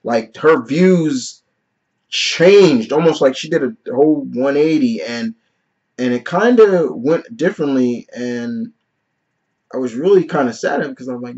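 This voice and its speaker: A man's voice: medium pitch, expressive, unhurried, darkish tone, breathy edge, muffled recording. A man in his thirties giving a casual vlog movie review, earnest and openly emotional, talking in loose "you know" and "like" phrasing. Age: 30s.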